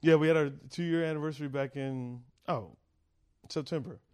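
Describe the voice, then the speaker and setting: A man's voice: fairly high pitch, steady tone, moderate pace, darkish tone, clean tone. A man who is a comedian guest on a podcast, telling a rambling, profane story and acting out what people said. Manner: profane, rambling, acts out quoted voices.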